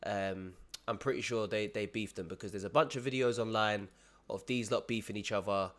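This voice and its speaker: A man's voice: on the low side, brisk, a bit bright. A young man giving casual reaction commentary, full of slang, tacking bro onto nearly every sentence.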